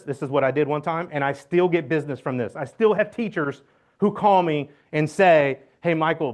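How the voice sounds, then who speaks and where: A man addresses his real estate team in a meeting. He talks loud and blunt, cracks jokes, and acts out phone calls in a voice pitched a bit high for a man. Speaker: real estate agent giving a team talk. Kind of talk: motivational team meeting talk. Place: meeting room.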